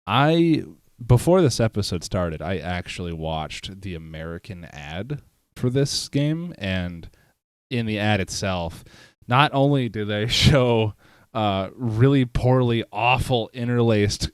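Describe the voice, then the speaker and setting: A man's voice: fairly low pitch, clear, resonant tone, no room sound. A man co-hosting a podcast, chatting casually in a laid-back, joking way with casual swearing. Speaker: podcast co-host. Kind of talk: casual chat.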